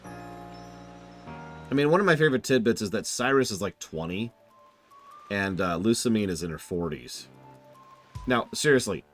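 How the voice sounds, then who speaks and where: A man streaming a video game, giving animated, jokey and sarcastic casual commentary. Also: on the low side, a little slow, long pauses, faint music behind.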